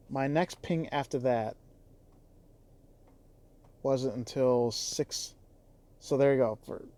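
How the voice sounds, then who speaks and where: In a casual vlog, a rideshare driver from the Chicago area vents in a heated, exasperated, profane way. His voice is medium-pitched with a dark tone.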